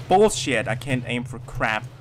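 A young man commentating his own gameplay, wired on energy drinks, swearing and swinging between loud outbursts and low mutters. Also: measured pace, over music. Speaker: gaming channel host.

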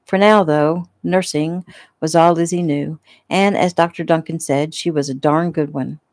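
A woman reading her own novel aloud in a relaxed, homey way, with small slips along the way. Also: deep voice, moderate pace, no echo. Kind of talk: casual audiobook narration.

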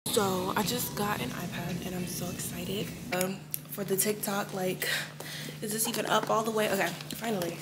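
A young woman vlogging to her handheld camera, bubbly and excitable, chatty with lots of "like" and "y'all". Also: medium pitch, normal speed. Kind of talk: casual vlog talk to camera. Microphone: handheld vlog camera. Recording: echoey room with background noise.

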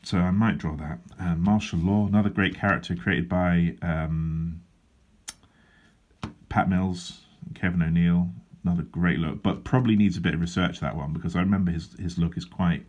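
A man with a low, deep voice talks casually about his drawing plans. His humour is dry and self-deprecating, and he wanders off on asides as he goes. He sounds like a comic artist vlogging from his desk. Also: fairly even intonation, normal speed, darkish tone, highs cut off. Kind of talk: casual drawing vlog chat. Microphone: handheld wobbling camera.

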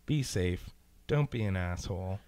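A man's voice: deep voice, animated, unhurried, a little mellow, no room sound. A man co-hosting a podcast in casual chat, laid-back, swearing and chiming in. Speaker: podcast co-host.

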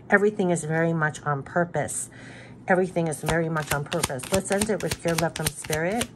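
Woman, card reader, direct address, lower voice, encouraging and repetitive, faint noise. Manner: repetitive, encouraging, loose restarts.

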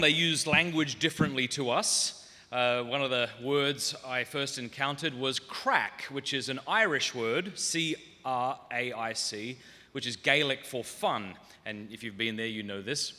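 Bright-voiced Australian man telling jokes. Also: fairly high pitch, lively intonation, normal speed. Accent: muted Australian. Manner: self-deprecating storytelling, comic asides. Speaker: conference speaker. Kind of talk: humorous talk to a live audience. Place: large conference hall. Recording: long reverb of a large hall.

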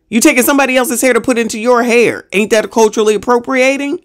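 A woman who hosts a reaction channel rants in a sassy, exasperated way with mild profanity while giving reaction commentary. Her voice is on the high side, and she talks at a quick pace with few pauses.

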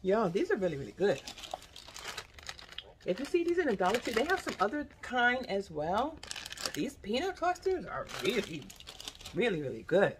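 A woman's voice: medium pitch, moderate pace, long pauses, noisy background. A woman, chatting casually in a haul vlog, tasting snacks and sometimes talking with her mouth full. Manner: chatty and expressive, says "y'all" often; talks with her mouth full while chewing. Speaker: vlogger.

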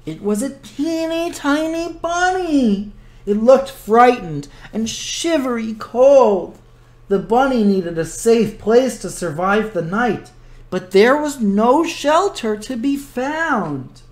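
A man hosting a children's story time, reading a picture book aloud in a slow, gentle, expressive way. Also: very high voice.

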